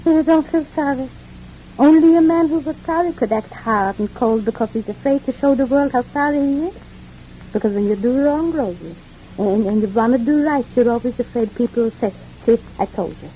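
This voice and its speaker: A woman's voice: fairly high pitch, lively intonation, normal speed, mellow, slight background noise, lightly acted. An actress playing a talkative, kindly immigrant mother, stammering and philosophizing in 1940s radio acting. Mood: chatty. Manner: stammering repeats, rambling and philosophizing. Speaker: mother of the family. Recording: dull old radio recording.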